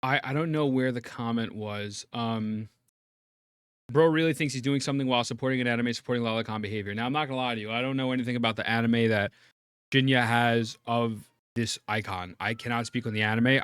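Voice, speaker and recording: A man hosting a stream, reacting in heated commentary with profane ranting that climbs toward shouting. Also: medium pitch, steady tone, brisk, smooth, no room sound. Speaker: streamer host.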